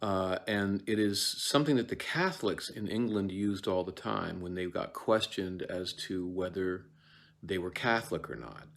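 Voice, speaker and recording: A man's voice: low voice, animated, creaky, fairly bright tone. A man giving a casual lecture on a play, digressing often, with many fillers and restarts. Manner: acts out lines in quick quoted voices. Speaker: actor teaching Shakespeare.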